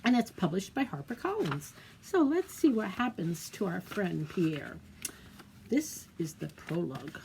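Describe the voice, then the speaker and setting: Lively gravelly-voiced storytime librarian. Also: female voice, lowish voice, measured pace, a little hiss or hum. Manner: gentle, encouraging, talks to kids. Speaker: children's librarian. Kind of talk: children's storytime and craft demo.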